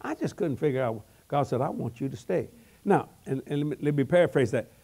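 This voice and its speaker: An older man preaching an evangelism sermon, telling humorous stories in a folksy, animated way and often repeating words. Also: mid-range voice, a little fast, creaky, slightly rough.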